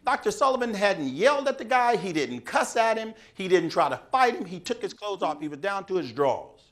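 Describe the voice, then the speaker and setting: Male speaker, storytelling speech; dramatic, high and very lively. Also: fairly quick.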